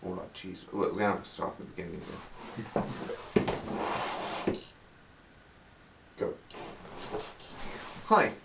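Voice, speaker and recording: A man's voice: low-pitched, lively intonation, slow, gravelly, long pauses. A young man trading dry, mock-exasperated quips with a friend behind the scenes of a homemade video. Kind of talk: joking behind-the-scenes banter. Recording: distant, echoey room with noise.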